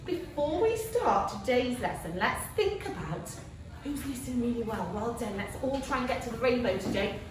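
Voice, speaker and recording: Animated woman teaching young children. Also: on the high side, normal speed. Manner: lively, encouraging, exaggerated praise. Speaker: primary school teacher. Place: large classroom. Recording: echoey classroom from far off, noisy.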